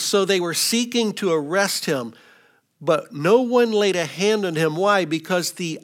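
High-voiced man preaching a sermon. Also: a bit bright. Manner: teaching, cites verses, frequent restarts. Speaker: pastor. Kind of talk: expository sermon.

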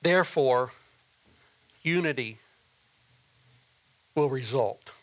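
Slow, deliberate preaching man. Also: mid-range voice. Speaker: pastor. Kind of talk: sermon.

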